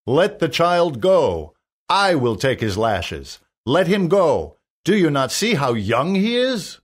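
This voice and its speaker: A man voicing a brave, loyal grown knight in a storybook reading, speaking loudly and slowly with a pleading tone. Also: a little high, big pitch swings, pitched above the performer's own voice.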